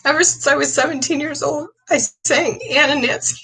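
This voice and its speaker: A woman's voice: high voice, fairly even intonation, a little fast, pushed and bright, rough recording. An older woman talking casually to her viewers, rambling and chatty and a little emotional. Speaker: vlogger. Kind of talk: casual chat to camera.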